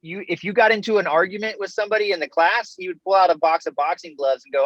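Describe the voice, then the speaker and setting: A high-voiced, fast-talking man with a fairly bright tone tells his story as a podcast guest. He's an Army veteran, and he keeps it easygoing and chatty, laughing often. The remote call audio sounds dull and dry, with no echo.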